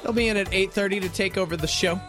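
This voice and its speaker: A man's voice: sits high, steady tone, fast, over music. A man hosting a morning radio show, chatting and reading promos in an upbeat way. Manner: upbeat, announcer-like. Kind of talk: casual radio banter.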